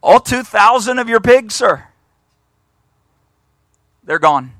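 A man's voice: very high voice, animated, takes it slowly, gravelly, fairly bright tone, no room sound, studio quality, exaggerated voice. A man preaching, voicing a nervous male herdsman who hesitantly and politely tells his master bad news. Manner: hesitant, polite, keeps saying sir.

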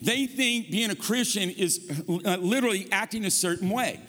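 A man's voice: sits high, normal speed. A man preaching a sermon as guest pastor, telling funny stories and calling the congregation to say amen. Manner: animated storytelling preacher, calls for amens. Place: church sanctuary. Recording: long hall reverb.

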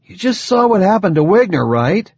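A man voicing a sarcastic gruff soldier. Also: high voice, sing-song, normal speed, a little mellow, no room sound, voice pushed up, heavily acted. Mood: sardonic. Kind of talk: audiobook character voice. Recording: dull dry lo-fi recording.

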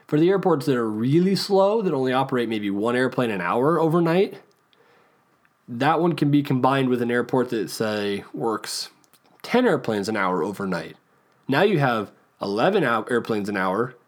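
Chatty American man hosting a podcast. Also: mid-range voice. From United States. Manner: chatty, self-deprecating, digressive with frequent restarts. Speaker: podcast host. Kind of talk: casual solo podcast talk.

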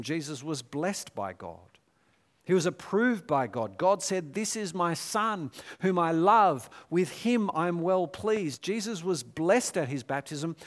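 A man delivering a sermon with a slightly high-pitched voice. He drops to hushed, slow phrases and rises into intense, forceful scripture readings. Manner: dramatic, swinging between hushed low passages and raised intense readings. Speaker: preacher.

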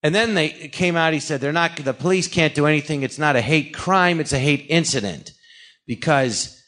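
Speaking a little high at a normal pace with a fairly bright tone, a California actor and comedian appears as a guest in a casual interview. He rambles through a story, performs the quoted lines, and throws in sarcastic asides.

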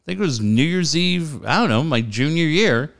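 A man's voice: fairly high pitch, expressive, moderate pace, fairly bright tone. A man in his late forties from the San Diego area, telling a story casually, swearing freely and acting out the voices of the people in it. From San Diego area, California. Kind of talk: casual chat.

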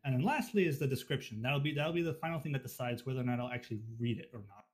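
A man's voice: medium pitch, lively intonation, rapid-fire. A man answering interview questions on a casual podcast in a frank, matter-of-fact way. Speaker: podcast guest, fan fiction writer.

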